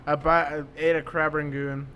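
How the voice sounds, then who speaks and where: A man's voice: fairly high pitch, flat delivery, moderate pace, sharp tone, highs cut off. A man co-hosting a casual podcast, chatty and laughing as he reminisces. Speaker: podcast co-host.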